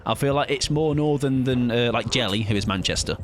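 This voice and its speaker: A man with a mid-range voice talks fairly quickly while streaming a game. He chats casually with his viewers during gameplay, rambling, joking and swearing offhandedly.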